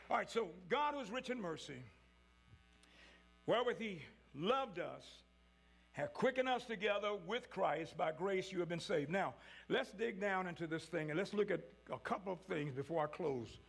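A male preacher delivering a sermon, with call-and-response preaching that rises into shouts. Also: high voice, animated, normal speed, vocal fry, breathy edge.

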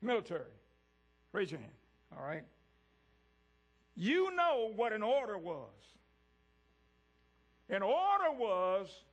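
A man preaching a sermon to a congregation in a church, swinging from loud peaks to hushed lows and speaking straight to the people in the pews. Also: wildly swooping pitch, slow, long pauses. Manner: talks directly to the congregation.

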